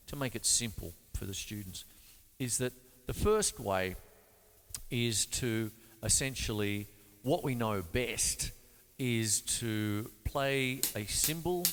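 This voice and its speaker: An Australian man hosts a casual drum lesson, explaining ideas loosely and chattily and scatting beat syllables between demonstrations. He speaks slowly with a fairly low pitch. A loud drum kit plays in a long hall reverb, with a little hiss or hum.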